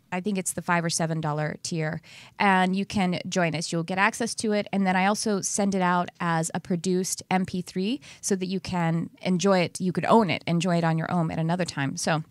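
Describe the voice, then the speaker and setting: A woman's voice: medium pitch, no room sound. A woman with a Texan accent hosting her own show in a casual, chatty way, laughing often and running loose and playful. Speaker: podcast host.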